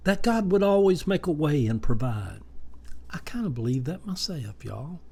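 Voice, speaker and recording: An older man in his seventies talks straight to his viewers, drifting from one story to the next. His voice sits a little high for a man, and he fills his pauses with plenty of ums and uhs as he rambles on in a homespun way. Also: animated, a little mellow. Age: 70s. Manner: rambling, folksy storytelling with many fillers. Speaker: vlogger. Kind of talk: casual monologue.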